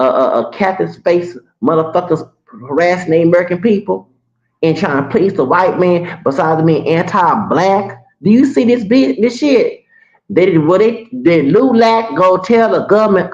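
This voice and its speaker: Gravelly ranting man in his forties. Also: a little high, a little mellow, muffled recording. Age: 40s. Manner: heated, swearing, rambling with restarts. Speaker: vlogger. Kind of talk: ranting monologue.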